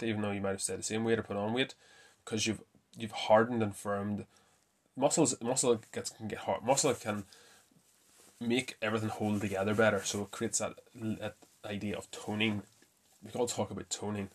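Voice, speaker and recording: A man hosting a casual fitness talk, chatty and quick to correct himself with a laugh. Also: fairly low pitch. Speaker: fitness podcast host. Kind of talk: casual myth-busting talk.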